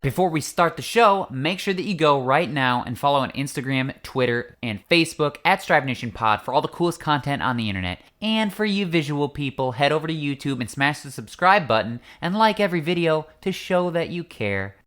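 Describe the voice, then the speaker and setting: A man's voice: fairly high pitch, animated, a little fast, hardly any pauses, a bit bright. A man hosting a podcast in casual chat, playful and joking as he runs promos and talks with his co-host.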